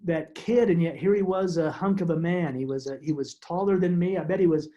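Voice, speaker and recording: Middle-aged male guest speaker, mellow and slightly high-pitched, emotional halting storyteller. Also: dull audio. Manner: halting, repeats words, emotional, soft laughs. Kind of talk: personal storytelling talk.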